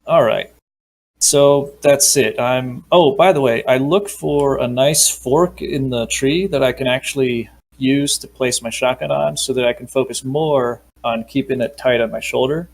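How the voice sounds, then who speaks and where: Gravelly, chatty male tabletop player. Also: medium pitch, unhurried. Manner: chatty, enthusiastic, says dude. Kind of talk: casual chat at a tabletop game.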